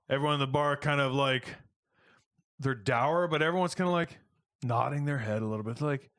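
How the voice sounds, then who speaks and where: A man's voice: medium pitch, a little fast. A man running a tabletop role-playing game, narrating scenes loosely with lots of fillers. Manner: relaxed, filler-heavy narration. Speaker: game master.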